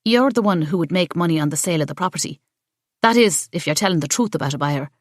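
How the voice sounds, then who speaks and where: A woman's voice: lowish voice, lively intonation, no room sound, clean studio sound. A woman doing a feisty young café owner, Siobhan. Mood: indignant. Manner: indignant, quick to argue.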